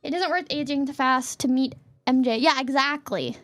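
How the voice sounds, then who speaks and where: A young adult woman streaming as a VTuber, chatting casually and playfully with her chat in quick jokey asides. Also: sits high, a bit bright.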